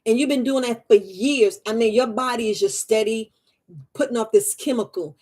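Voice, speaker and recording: A woman's voice: a little high, moderate pace, dark tone, husky. Chatty woman herbalist who laughs a lot. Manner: chatty, laughs often, repeats phrases. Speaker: herbalist hosting a live stream. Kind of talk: casual live-stream talk to viewers.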